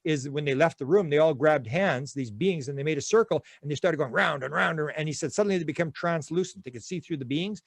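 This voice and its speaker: A man's voice: a little high, fast, gravelly, hardly any pauses, dry recording. Rambling storytelling man, dry sound. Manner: rambling storyteller, many restarts. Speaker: interview guest. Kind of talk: conversational interview.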